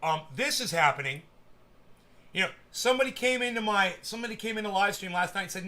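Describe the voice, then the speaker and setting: A man's voice: high-pitched, quick pace, pushed and bright. A man hosting a live stream, ranting casually with lots of swearing and stammered repeats. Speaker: livestream host. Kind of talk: casual livestream rant.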